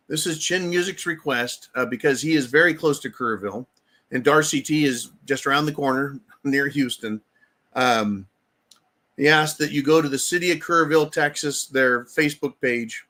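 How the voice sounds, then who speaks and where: A man's voice: fairly high pitch, sharp tone. A man hosting a live stream, ranting heatedly with frequent swearing and calling his listeners folks. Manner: keeps addressing listeners as folks. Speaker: livestream host.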